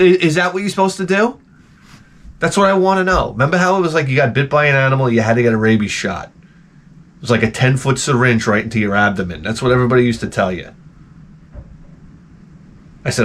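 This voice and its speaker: A man's voice: medium pitch, expressive, moderate pace, fairly bright tone. Profane rambling male storyteller. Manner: profane, rambling storyteller who acts out his own reactions. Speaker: channel host. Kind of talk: rambling casual monologue.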